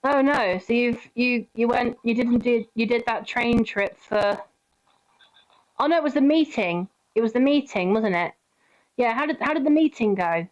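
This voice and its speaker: A British woman streams a game, chatting casually and giggly with her viewers and greeting them by name. Her voice is on the high side at a moderate pace, with the highs cut off.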